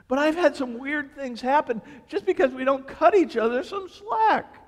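A male pastor preaching a sermon, telling stories in an animated, joking way. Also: very high-pitched, normal speed. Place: church sanctuary. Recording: reverberant church hall.

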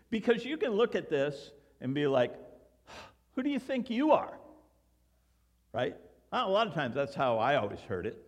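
An older man preaching to his church, slightly high-voiced for a man and very lively in pitch, rising and falling as he tells stories. He acts out quoted voices along the way. His voice rings with the long reverb of a large hall. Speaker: pastor. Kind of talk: sermon. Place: church sanctuary.

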